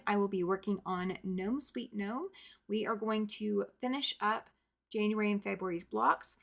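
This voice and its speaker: A woman's voice: mid-range voice, gravelly, a bit bright. A woman hosting a quilting live stream, chatting casually and greeting viewers by name. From American South. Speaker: quilting livestream host.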